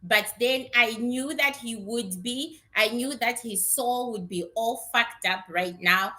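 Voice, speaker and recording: A woman's voice: on the high side, takes it slowly, sharp tone. A woman giving a casual, blunt psychic reading to her viewers, chatty and swearing freely. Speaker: psychic reader.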